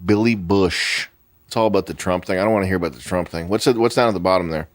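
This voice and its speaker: A man's voice: sits low, quick pace, no room sound. A man in casual chat, wry and curious, murmuring agreement a lot. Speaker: podcast co-host.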